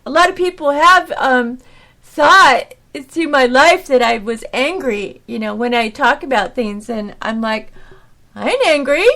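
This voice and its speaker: A woman's voice: high-pitched, a little slow. A middle-aged woman hosting a podcast, talking in a rambling, emotional monologue that turns preachy as she rants, with frequent laughs. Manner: animated, preachy ranting. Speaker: podcast host. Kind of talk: casual monologue.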